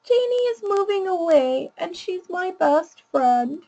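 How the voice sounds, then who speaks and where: A woman doing a small upset child in a high, squeaky voice that swoops up and down as it whines about its troubles. The child sounds sulky and aggrieved. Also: sing-song, takes it slowly, warm tone, dull audio, full character voice. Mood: complaining. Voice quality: high-pitched. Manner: complaining, sulky. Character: upset young child telling a parent problems.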